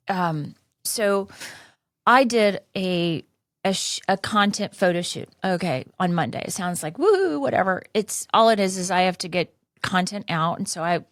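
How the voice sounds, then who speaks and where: Low-voiced rambling woman podcaster. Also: no echo, studio quality. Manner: rambling, with many restarts and fillers. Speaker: podcast host. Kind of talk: candid personal storytelling.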